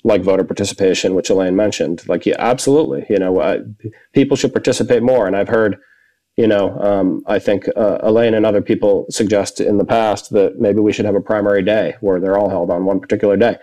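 Guy debating, lowish mellow voice, keeps restarting his sentences. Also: fairly even intonation, rough recording. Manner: halting, many fillers and restarts. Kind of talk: formal debate argument.

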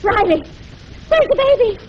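A pleading, devoted young wife, with a very high, breathless voice. A 1940s radio comedy performance. Muffled old broadcast audio with faint hiss. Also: female voice, animated, normal speed. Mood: alarmed.

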